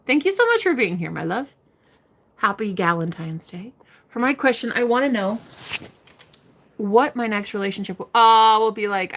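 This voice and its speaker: A woman's voice: medium pitch, gravelly, a bit bright. A young woman giving live-stream tarot readings, chatting casually, swearing freely and laughing often. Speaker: tarot reader.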